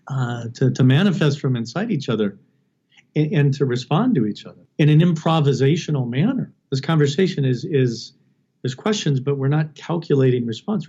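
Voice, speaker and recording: A man's voice: medium pitch, warm tone, husky, dull audio. A middle-aged man, a palliative care physician, talking earnestly and thoughtfully in an interview, often restarting his sentences. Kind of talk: reflective interview talk.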